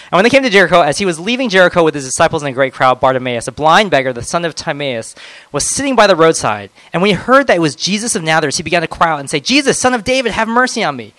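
Guy preaching a chatty sermon, dry close sound, goes loud then quiet. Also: on the high side, no echo, poor audio. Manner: conversational, swings between loud emphasis and soft reflection.

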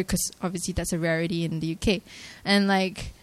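A young woman from Malaysia, giving an earnest and softly emotional personal faith testimony at a church gathering, hesitant and full of filler words. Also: fairly low pitch, steady tone, a little fast, hardly any pauses, no echo.

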